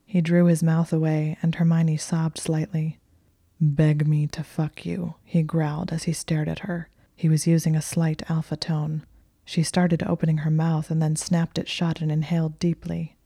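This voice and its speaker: Fields: Sex: woman. Role: narrator. Style: whispered story narration. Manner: slow, hushed, even. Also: low voice, dry recording, studio quality.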